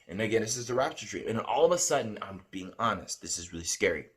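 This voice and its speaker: A vlogger tells about a dream in casual, earnest, rambling fashion, repeating himself and humming a tune that rises in pitch. His voice is animated and a bit bright, with a quick pace.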